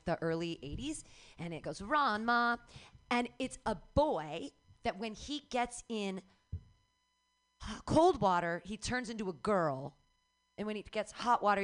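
A woman co-hosting a casual radio talk show. She has a mid-range voice and a playful, jokey manner, and she slips into little acted-out voices while chatting. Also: mid-range voice. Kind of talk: casual chat. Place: radio studio.

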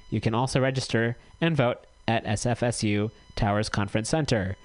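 A man with a mid-range voice hosts a casual community radio show, talking fairly quickly with few pauses. He reads notices aloud in a chatty style, correcting himself along the way. The recording is dry and of poor quality.

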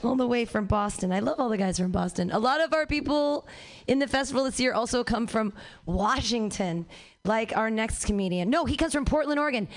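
A woman's voice: a little high, expressive, a little fast. A woman hosting a comedy festival show who rambles through gushing introductions of the comedians. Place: comedy club.

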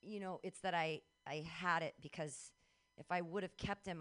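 A middle-aged woman on stage at a comedy club with a bright, forceful voice. She talks plainly and bluntly, like she is chatting with the crowd. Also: on the low side, fairly even intonation, normal speed. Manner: blunt, conversational delivery. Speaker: stand-up comedian. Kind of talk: stand-up comedy set.

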